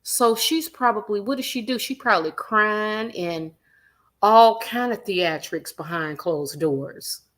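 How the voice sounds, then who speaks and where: A woman hosting a celebrity gossip livestream, animated and emphatic, repeating her points and reading viewer comments aloud. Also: mid-range voice, a little slow. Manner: animated, acts out quotes in other voices, reads viewer comments aloud; emphatic repetition.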